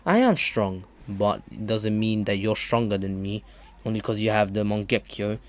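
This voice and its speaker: A man voicing a confident teenage ninja boy who lectures his rival calmly, in his own everyday voice with hesitations and restarts. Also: on the low side, normal speed, slight background noise, pitched below the performer's own voice, natural voice. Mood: calm, lecturing. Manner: plain storytelling voice with ums and restarts. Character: confident teenage male ninja, calm and preachy. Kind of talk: retelling a fan story.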